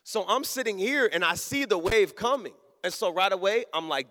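A man preaching a sermon in a church sanctuary, telling an animated story and calling out to the congregation. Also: sits high, normal speed, few pauses, long reverb tail. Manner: animated storytelling, call-and-response.

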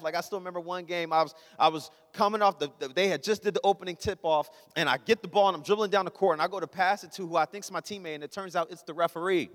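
A young man preaching a casual, joking sermon, telling stories and acting out his father's voice. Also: high voice. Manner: conversational, joking, acts out his father's lines. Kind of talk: humorous sermon storytelling. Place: church sanctuary. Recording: long reverb of a hall.

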